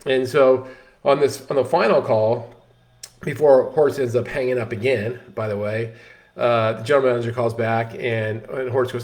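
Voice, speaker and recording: A man's voice: mid-range voice, moderate pace. Man telling a story. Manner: animated storyteller, frequent restarts and "you know" fillers. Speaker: host. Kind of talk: casual storytelling talk.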